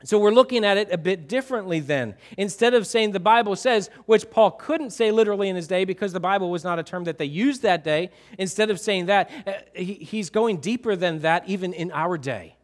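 Middle-aged male pastor, chatty sermon delivery, checks in with the crowd, slightly higher voice. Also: fairly quick, hardly any pauses. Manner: conversational, asks the congregation questions, repeats himself.

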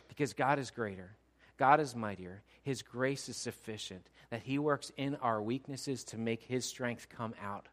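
A middle-aged pastor delivers a sermon in a mid-range voice, moving back and forth between loud, emphatic preaching and quiet personal stories.

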